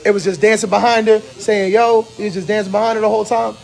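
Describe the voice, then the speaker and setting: A man hosting a casual barbershop chat, telling animated stories and laughing often. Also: sits high, fast, vocal fry. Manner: laughs a lot, animated storytelling. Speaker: host.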